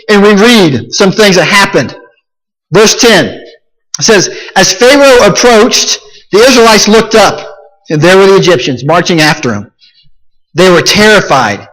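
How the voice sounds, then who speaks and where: A man with a high-pitched voice preaches a sermon, retelling the story in plain, animated words and leaning on repeated phrases. His voice carries a long reverb, as from a large church hall. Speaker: pastor.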